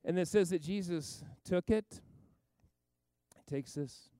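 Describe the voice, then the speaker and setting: Guy preaching, tells the story all animated, does little voices for people, smooth clear voice, dry sound. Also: high-pitched, slow pace, no echo. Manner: animated storytelling, acts out characters, rambling asides. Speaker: pastor. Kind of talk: sermon.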